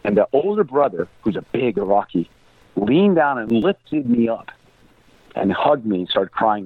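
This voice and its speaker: A man's voice: on the low side, very animated, measured pace, slightly rough, no echo. A middle-aged American man telling a story earnestly as an interview guest, devout in his speech. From United States. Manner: earnest, devout, prays aloud. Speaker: guest, humanitarian aid worker. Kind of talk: storytelling in a conversation. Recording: tinny phone-like line.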